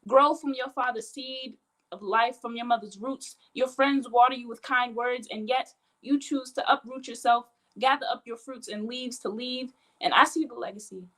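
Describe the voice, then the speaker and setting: A woman performing a spoken word poem at an online open mic, with a measured, emphatic delivery. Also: fairly high pitch, fairly even intonation, a bit bright, poor audio. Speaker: poet. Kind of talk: spoken word poetry reading. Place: home, online video call.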